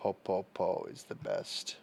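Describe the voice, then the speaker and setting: A man hosting a livestream, chatting casually with viewers and reacting slowly to their messages. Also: deep voice, sing-song, gravelly, darkish tone, slight background noise. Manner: slow, drawling, reacting to chat messages. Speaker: livestream host. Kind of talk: casual chat with live viewers.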